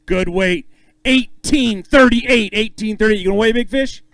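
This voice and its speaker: A man emceeing a bass-fishing weigh-in on an outdoor stage, upbeat and joking with the anglers as he calls out names and weights. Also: steady tone, fast, vocal fry, clear, resonant tone, no echo, poor audio. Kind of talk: live emcee announcing with banter.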